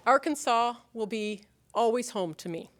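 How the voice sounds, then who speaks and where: A woman's voice: fairly high pitch, a little slow. Earnest woman giving a college address. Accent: Upper Midwest American. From Upper Midwest of the United States. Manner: earnest, rallying, with rhetorical questions and light humor. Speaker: college president. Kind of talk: convocation address.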